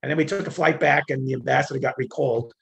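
Retired older man, gravelly fry-laden voice, spins lively anecdotes full of fillers and acted-out quotes. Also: medium pitch, fast. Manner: animated, acts out quoted dialogue, frequent fillers. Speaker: interview guest, retired federal agent. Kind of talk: conversational storytelling.

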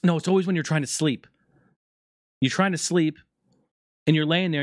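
A man hosting a casual talk show, rambling through news and stories in a profane, joking, animated way. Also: fairly high pitch, no echo, studio quality. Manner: profane, jokey, animated storytelling. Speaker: podcast host.

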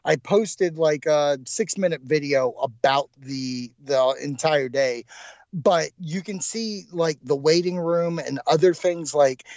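A man co-hosting a podcast, telling a rambling, excitable story with lots of fillers. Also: a little high, slow pace, no room sound, lo-fi sound. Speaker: podcast co-host. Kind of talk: casual podcast chat.

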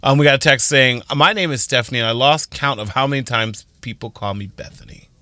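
A man's voice: medium pitch, a little fast, dry recording. A man co-hosting a radio morning show, joking around and laughing in casual banter. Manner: animated, joking, laughs often. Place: radio studio. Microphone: studio microphone.

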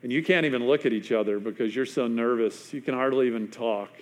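A man preaching a sermon as a pastor, telling a story with long pauses and dropping to a hushed, quiet voice for emphasis. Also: medium pitch.

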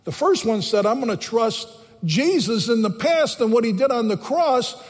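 A man with a very high voice preaches emphatically to his congregation, repeating phrases for stress. His voice rings with the long reverb of a large church hall. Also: animated, normal speed. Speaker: pastor. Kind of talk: sermon.

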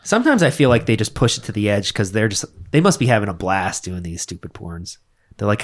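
A man's voice: on the low side, brisk. A young man in casual chat who tells stories with animation and acts out the voices as he goes. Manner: animated storyteller, acts out every voice.

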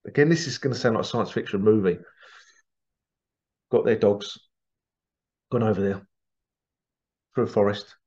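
This is a spiritual channel host from England, his voice lowish and a little mellow at normal speed, pausing often. He rambles casually through a story in monologue, restarting and adding asides, on a dull lo-fi recording.

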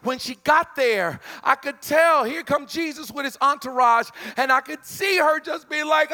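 A male preacher delivering a sermon, conversational and emphatic, hollering at peaks and dropping into quick asides. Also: very high-pitched, pushed and bright.

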